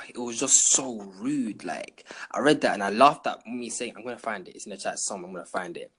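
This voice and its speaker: A young man chats loosely on a podcast. His low voice has a husky edge. He tells rambling stories to friends in a relaxed way. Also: a little fast. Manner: laid-back, rambling storyteller. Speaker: podcast host. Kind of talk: casual chat.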